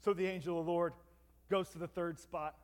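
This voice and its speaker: A man's voice: sits high, little pitch movement, a little fast. A man preaching a storytelling sermon, retelling a scripture story dramatically with asides to his listeners. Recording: long hall reverb.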